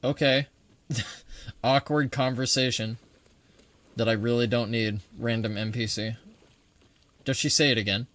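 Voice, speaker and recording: A man's voice: medium pitch, steady tone, a little slow, pauses often, a bit bright. A man giving casual, joking let's-play commentary, swearing freely and reading in-game text aloud. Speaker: gaming video creator.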